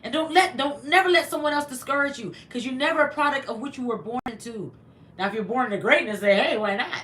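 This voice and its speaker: A woman hosting a casual livestream, greeting viewers by name and giving motivational talk. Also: fast. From from mixed German and Latin family. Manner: laughs often, lively swings in pitch. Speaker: livestream host.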